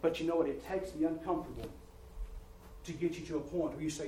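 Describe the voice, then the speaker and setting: A man preaching a sermon, rising in volume and pitch as he presses his points and often repeating words. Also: fast, dark tone, slight background noise. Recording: roomy church sound from a distant mic.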